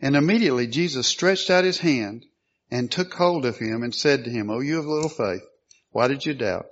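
A man preaching a sermon, reading scripture aloud and asking the listeners questions, clearing his throat often. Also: medium pitch, moderate pace. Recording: dull lo-fi sound.

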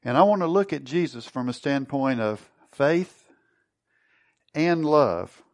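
A man's voice: mid-range voice, lively intonation, takes it slowly. A man preaching a sermon, teaching and putting questions to his congregation. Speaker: pastor.

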